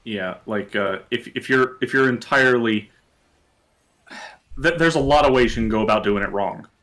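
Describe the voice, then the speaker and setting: A man's voice: medium pitch, normal speed. Rambling man co-hosting a gaming podcast. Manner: relaxed, rambling, many "uh" fillers. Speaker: co-host. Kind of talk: casual gaming podcast chat.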